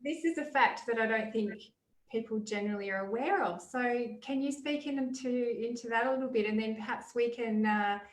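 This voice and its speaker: A woman interviewing a guest, prompting gently in halting phrases. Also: on the high side. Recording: roomy and distant.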